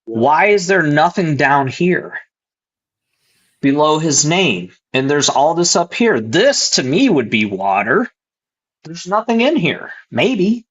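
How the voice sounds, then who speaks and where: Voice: medium pitch, fairly bright tone, slightly rough, lo-fi sound. A podcast co-host thinking aloud about a painting in casual chat, hedging and unsure.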